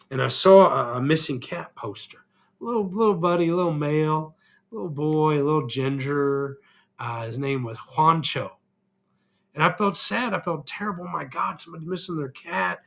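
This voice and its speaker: A man's voice: a little high, moderate pace, gravelly, fairly bright tone. A middle-aged man vlogging an earnest, emotional personal reflection, still getting over an illness. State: recovering from illness, congested.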